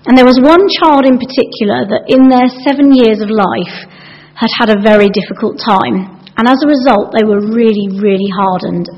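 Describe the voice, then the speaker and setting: A woman's voice: on the high side, moderate pace. A woman giving a sermon in a chatty, anecdotal way, acting out the lines she quotes. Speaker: preacher. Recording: dull sound with long hall reverb.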